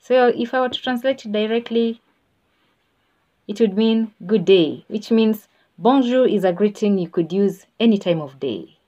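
A woman's voice: mid-range voice, moderate pace, warm tone, dull audio. A woman teaching a beginner language lesson, patient and repeating words for the learner to follow. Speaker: French teacher. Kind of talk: slow spoken language lesson.

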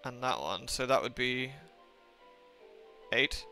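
A man's voice: mid-range voice, lively intonation, slow pace, creaky, sharp tone, soft background music. A young man streaming a game live, rambling to chat with lots of swearing and exasperated asides. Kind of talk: casual live-stream chat while gaming.

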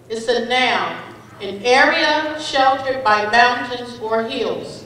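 A woman reading spelling words, definitions and example sentences to children at a school spelling bee, speaking deliberately and kindly over a microphone. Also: on the high side, sharp tone, a little hiss or hum. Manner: slow, deliberate word reading, kind to children. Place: school event hall. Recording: echoey hall from far off.

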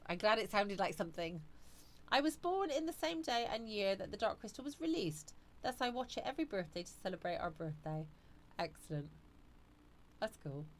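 A woman's voice: mid-range voice, very animated, normal speed, a little hiss or hum. Chatty woman reading live chat. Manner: chatty, reads viewer comments aloud. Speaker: live stream host.

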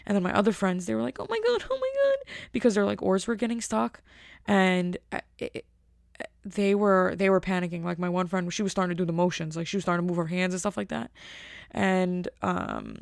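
A woman hosting a podcast, telling a long rambling story in a casual, animated way. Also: on the low side, fairly quick, vocal fry, no echo, clean studio sound. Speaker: podcast host.

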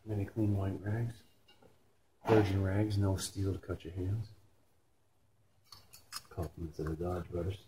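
A man's voice: low voice, flat delivery, measured pace, long pauses. A Canadian man with a Canadian accent rebuilding a transmission in his repair shop, talking casually with blunt jokes and swearing. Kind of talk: casual shop talk while working. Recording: noisy shop recording.

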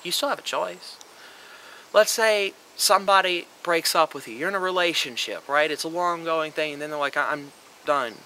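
Sharp-voiced man lecturing emphatically. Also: on the high side, normal speed, slight background noise, poor audio. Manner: emphatic, lecturing, swears freely. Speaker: vlogger. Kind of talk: opinionated monologue.

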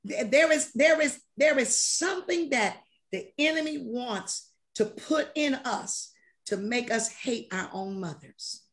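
A woman's voice: sits high, animated, a little slow, a bit bright. A woman leading a church study session, making her points emphatically and calling on others. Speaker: session leader. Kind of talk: preaching-style teaching.

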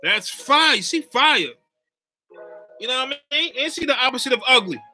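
Very bright, slangy man chatting on stream. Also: very high-pitched, moderate pace, soft background music. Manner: slangy, animated, keeps checking in with "you know what I mean". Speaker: YouTuber live-chatting with viewers. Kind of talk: casual livestream chat.

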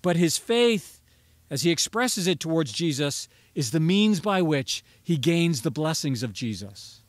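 A man's voice: fairly high pitch, very animated, measured pace, no echo. Earnest male pastor preaching a sermon. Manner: earnest, rising to emphatic pleading on key phrases.

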